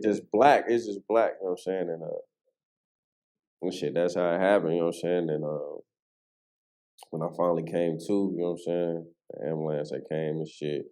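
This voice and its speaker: A man telling a personal story in casual street slang, full of "you know what I'm saying" and animated as he relives what happened. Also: low voice, normal speed. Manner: animated, voice rises sharply when reliving the moment. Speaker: podcast guest.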